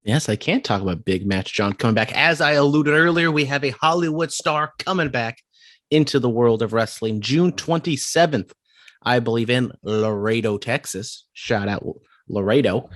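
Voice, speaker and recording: A man's voice: mid-range voice, moderate pace, a bit bright, dry recording, clean studio sound. A man co-hosting a wrestling podcast in casual chat, with wry, sarcastic asides. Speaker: podcast co-host.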